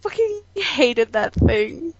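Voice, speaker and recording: A woman's voice: high-pitched, sing-song, slow pace, muffled recording. A woman co-hosting a podcast in casual chat, rambling with lots of fillers and the odd swear over a call. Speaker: podcast co-host.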